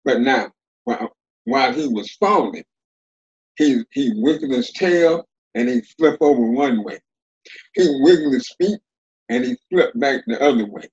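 An older man telling folktales as a storyteller, in a folksy, lively, dialect-rich way. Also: medium pitch, unhurried, gravelly, highs cut off.

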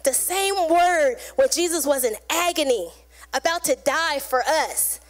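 A woman's voice: high voice, lively intonation, measured pace. A woman preaching a sermon in a casual, conversational way, acting out little quotes as she goes.

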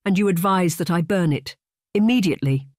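A wry, deadpan young duke from an audiobook romance, voiced by the narrator. The delivery stays flat and dry, recorded close in a dead room. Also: mid-range voice, brisk, no echo, voice pushed up, lightly acted.

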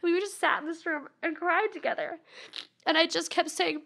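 A woman's voice: extremely high pitch, steady tone, normal speed, a bit bright. A woman in her thirties, a podcast guest candidly telling a personal story.

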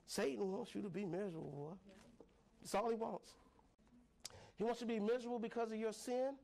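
High-voiced playful male preacher. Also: fairly quick, gravelly, dark tone. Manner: playful, call-and-response, laughing often. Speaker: pastor. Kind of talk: sermon. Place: church sanctuary.

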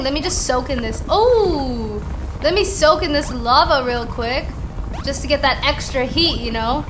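A young woman hosting a gaming channel, giving excitable, exclamatory commentary and often giggling. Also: high-pitched, measured pace.

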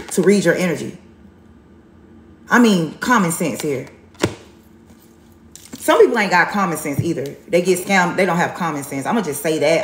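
A woman's voice: fairly low pitch, echoey room, slight background noise. A woman giving a live tarot reading, blunt and sassy, repeating herself for emphasis. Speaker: tarot reader on a livestream.

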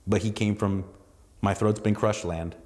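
A man's voice: on the low side, fairly even intonation, a little slow, darkish tone. Rambling, profane man with a long reverb. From southern California. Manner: rambling, profane, full of restarts and asides. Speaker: podcast host. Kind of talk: casual solo podcast monologue.

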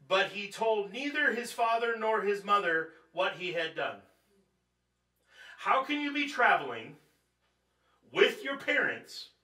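Bright-voiced joking preacher in echoey church. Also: male voice, sits high. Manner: joking, conversational, quizzes the audience. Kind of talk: Bible study teaching. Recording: echoey room, distant mic.

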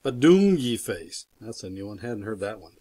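An older grandfather reading a silly children's book aloud, playful and mock-exasperated, breaking into loud silly voices. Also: on the low side, steady tone, fast talker, a little hiss or hum. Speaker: reader.

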